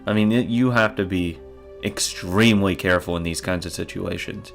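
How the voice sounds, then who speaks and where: Brief: let's-play reader, male, low and gravelly, emphatic and profane. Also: moderate pace, fairly bright tone, faint music behind. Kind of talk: reading a visual novel aloud with commentary.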